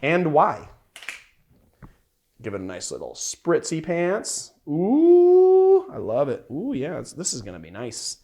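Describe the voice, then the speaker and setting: A young bartender hosts a relaxed cocktail show in a sing-song, mid-range voice that runs a little slow. He rambles playfully, using many filler words.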